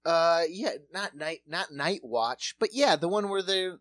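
A co-host cutting in with quick, jokey banter during a casual chat. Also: mid-range voice, lively intonation, fairly bright tone, dry recording.

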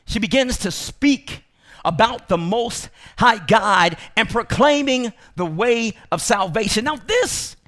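A man preaching a sermon to his congregation. He speaks emphatically, repeats himself, and rises into shouts. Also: very high-pitched, animated, takes it slowly. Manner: emphatic, repetitive, bursts into shouting; addresses congregation directly. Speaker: pastor.

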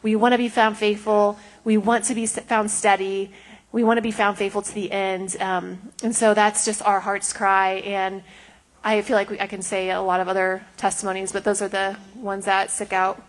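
A woman's voice: mid-range voice, level tone, normal speed. A middle-aged woman, a house of prayer leader, earnestly sharing testimonies in a rambling way with many fillers.

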